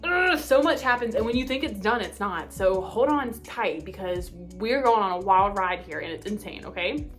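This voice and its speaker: A woman's voice: mid-range voice, moderate pace. Brief: young woman vlogger, bubbly and gushing, casual chat, faint music behind. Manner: bubbly, gushing, full of fillers; speeds up when excited. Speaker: book vlogger.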